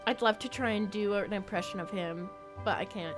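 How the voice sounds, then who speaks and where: A woman streaming a game, chatty and giggly, thinking out loud as she plays. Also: mid-range voice, brisk, hardly any pauses, over music. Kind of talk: casual game reaction stream.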